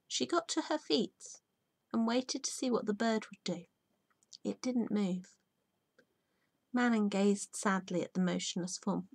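Teacher reading a children's storybook. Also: female voice, medium pitch, unhurried, vocal fry, pauses often, husky, no room sound. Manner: soft storybook reading, often hushed. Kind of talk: reading a children's book aloud.

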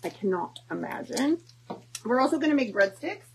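A woman's voice: on the high side, big pitch swings, normal speed, gravelly, poor audio. Young woman, chatty and joking, home kitchen, faint background noise. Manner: chatty, joking, sprinkles in Spanish words. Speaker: home cook streaming a cooking video. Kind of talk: chatty cooking livestream.

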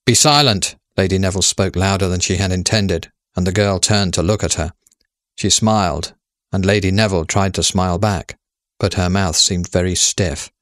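A man narrating a story in a measured, steady way. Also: deep voice, dry recording, studio quality.

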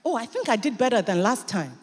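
A woman pastor preaching a sermon in church, animated and emphatic, with sudden bursts of loudness. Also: on the high side, a little fast, slightly rough, big-room sound. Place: church hall.

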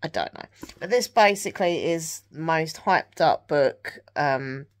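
A chatty woman from England vlogs at home in the evening, her voice sitting a little low for a woman. She carries a Southern English accent and rambles loosely, with plenty of ums and likes. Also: a little slow. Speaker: vlogger. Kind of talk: casual chat to camera.

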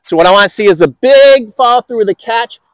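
A man's voice: very high voice, lively intonation, fast, a bit bright, no echo. A man coaching tennis on an outdoor court, upbeat and encouraging with enthusiastic praise.

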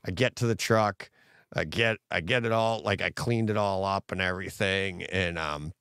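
A middle-aged man co-hosting a casual podcast, telling stories with animated quoted voices and laughter. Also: low voice, moderate pace, clear, resonant tone, dry recording, studio quality. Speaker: co-host.

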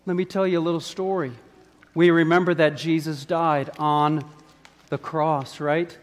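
A man's voice: a little high, level tone, measured pace. A man, a pastor, giving a children's sermon in a church, playful and coaxing as he asks the kids questions. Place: church sanctuary. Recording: long church reverb.

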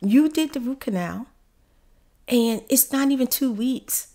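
Lady quoting her pushy friend, firm pointed questions, a bit higher. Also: lively intonation, a little slow, dark tone. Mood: insistent. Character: pushy woman friend confronting a dentist.

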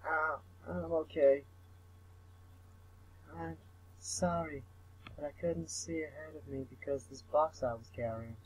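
A man voicing a tired, hungry senior schoolgirl who sounds a bit like a robot, in a soft, put-on southern drawl. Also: a little high, fairly even intonation, slow, pauses often, breathy edge, pitched above the performer's own voice, low-quality recording. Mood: apologetic.

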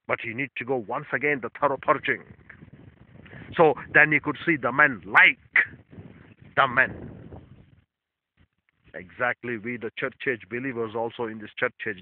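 A man preaches a sermon in English that is not his first language. He repeats his phrases and swings from loud stresses to quiet asides. The sound is thin and phone-like, with a dry room. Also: mid-range voice, normal speed, breathy edge, no room sound. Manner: non-native English phrasing. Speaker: pastor.

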